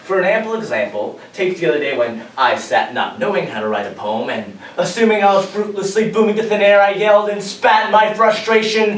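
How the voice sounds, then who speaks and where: Young male spoken-word poet, high voice, rhythmic and emphatic, recorded in a roomy hall from afar. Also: big pitch swings, normal speed, hardly any pauses, fairly bright tone, a little hiss or hum. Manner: rhythmic, building intensity, emphatic delivery. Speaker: competing poet. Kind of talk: spoken-word poetry performance. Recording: roomy, distant mic, faint ambience.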